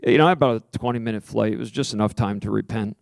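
A man's voice: lowish voice, creaky, dry recording. Male preacher telling a story, dry sound. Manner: storytelling with lively acted-out quotes; soft, slow prayerful invitation. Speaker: pastor. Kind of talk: sermon.

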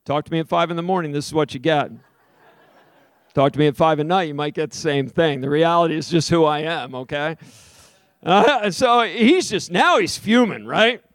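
An American man preaching a sermon emphatically, with sudden high swings and drawn-out stressed words. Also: fairly bright tone, no room sound.

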